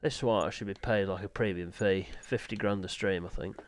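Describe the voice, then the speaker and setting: A man commentating live sim motorbike racing on his own stream, excitable and chatty with joking asides. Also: fairly low pitch, brisk. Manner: excitable, chatty, self-deprecating, swings to exasperated asides. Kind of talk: live esports race commentary.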